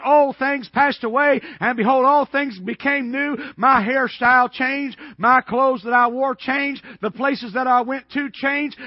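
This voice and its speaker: Male preacher, folksy and emphatic, very high voice, dull dry recording. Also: no echo. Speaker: Baptist preacher. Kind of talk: sermon.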